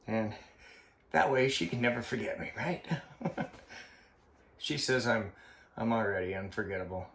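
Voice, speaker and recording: A man vlogging in a slow, halting, heartfelt way, with a frequent cough. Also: fairly low pitch, background noise. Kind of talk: personal vlog monologue. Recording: roomy echo.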